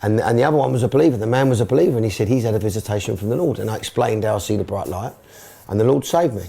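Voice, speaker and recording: A man's voice: on the low side, rapid-fire, creaky, warm tone, slightly rough. A middle-aged man from England, a football club owner and manager, speaking emotionally and repeating himself in a candid documentary interview.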